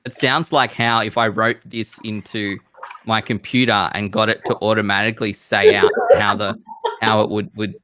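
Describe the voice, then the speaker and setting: A man's voice: lowish voice, little pitch movement, moderate pace, sharp tone, slight background noise. A man hosting a casual whisky game show, loose and self-deprecating.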